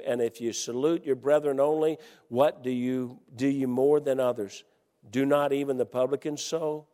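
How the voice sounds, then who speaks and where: A man preaching a sermon, telling a story with lively energy and reading scripture more calmly. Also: medium pitch. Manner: animated, loud storytelling with laughs, then calmer scripture reading. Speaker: Baptist preacher. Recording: hall reverb.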